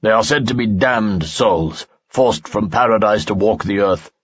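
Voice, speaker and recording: A man's voice: fairly low pitch, a little slow, slightly rough. A man voicing an older male elf scholar in an audiobook, haughty and lecturing. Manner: condescending, lecturing. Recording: dull lo-fi audio.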